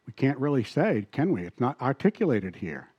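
A man preaching a sermon as pastor, animated and asking the congregation questions. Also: mid-range voice, moderate pace, slightly rough, dry recording, dull audio.

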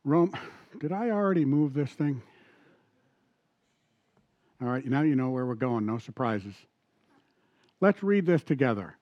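A man's voice: mid-range voice, lively intonation, dry recording, dull audio. Conversational pastor man preaching a sermon. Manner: conversational, asks the congregation questions and reads scripture slowly. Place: church sanctuary.

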